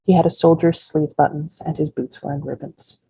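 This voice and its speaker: Husky, gravelly woman reading fiction. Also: low voice, little pitch movement, a little fast, warm tone, no echo, poor audio. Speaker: author reading her novel. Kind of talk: first-person fiction reading.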